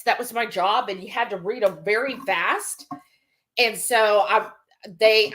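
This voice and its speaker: Woman host for a live cooking stream, fairly high voice, chatty storyteller reading chat aloud. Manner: chatty storyteller, quick animated asides. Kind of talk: casual chat, reading viewer comments aloud.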